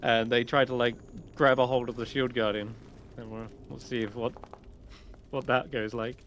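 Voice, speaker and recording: A man narrating a tabletop game as game master, lively and quick to laugh. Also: mid-range voice, a little hiss or hum.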